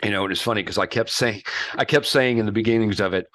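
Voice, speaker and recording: A man co-hosting a podcast in casual chat, rambling and halting, often breaking into laughter. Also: fairly low pitch, fairly bright tone, no room sound, clean studio sound. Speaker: podcast co-host.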